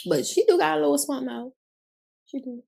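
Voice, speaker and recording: Woman podcast co-host with a slightly higher voice, chatty storyteller who swears freely. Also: fast, gravelly. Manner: animated storytelling, acts out quotes, swears freely. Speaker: podcast co-host, cheer coach. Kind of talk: casual chat.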